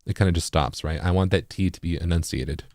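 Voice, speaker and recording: A man with a very deep, low voice walks through a tutorial in a casual, explanatory way. He often checks in with "right?" The sound is dry and close, with no room echo. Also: quick pace, a little mellow. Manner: explanatory, keeps asking "right?". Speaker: music producer.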